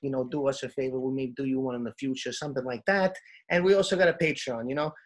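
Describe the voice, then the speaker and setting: A man's voice: fairly even intonation, quick pace, close to an everyday voice. A man putting on a New York accent as a pushy, slangy guy plugging the show's pages in a comic bit. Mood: pushy, jokey. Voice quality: streetwise, slangy, pushy sales pitch.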